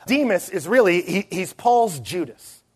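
A middle-aged man preaching a sermon in a church, telling stories with animated quoted voices. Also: sits high, a little slow, husky. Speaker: pastor.

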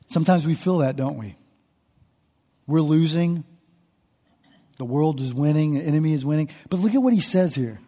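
A male pastor with a high, husky voice preaches with passion and pours feeling into the psalmist's cries. His tone is mellow, and a long reverb trails each phrase through the church sanctuary. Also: moderate pace, pauses often. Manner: impassioned, dramatically voicing the psalmist's laments. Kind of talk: sermon.

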